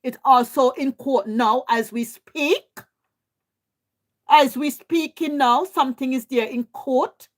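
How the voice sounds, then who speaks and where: A Jamaican woman hosts a livestream, her voice sitting high and her pace slow. She rants heatedly in live commentary, swearing in repetitive bursts.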